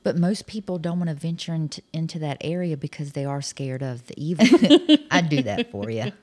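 A woman's voice: low-pitched, fairly quick, a little mellow. A woman hosting a podcast, asking her guest friendly, curious questions in a casual interview. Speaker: podcast host.

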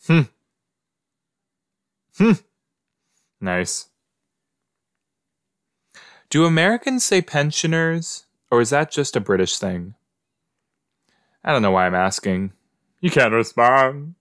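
A podcast host with a mid-range, smooth voice and big pitch swings speaks slowly, leaving long pauses, in a dry, studio-quality recording. He chats casually and muses aloud, talking back to a show playing in front of him as he reacts to it.

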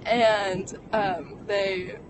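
A young adult vlogger recounts a personal story in a candid, halting way, stumbling through fillers and restarts. The voice sits at a middling pitch. It was recorded inside a car, with road noise clearly heard underneath. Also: flat delivery. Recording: vehicle noise behind.

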